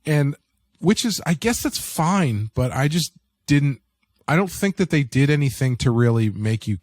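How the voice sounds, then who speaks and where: A man's voice: on the high side, big pitch swings, a little slow, darkish tone, dry recording, studio quality. A man co-hosting a podcast in a rambling, casual review chat, swearing now and then. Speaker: podcast co-host.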